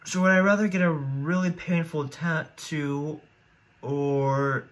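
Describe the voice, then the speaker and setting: Casual and meandering, a teen YouTuber comments alone and thinks aloud, frequently starting over as he weighs his options. His voice is a little high and a bit bright, with an unhurried delivery.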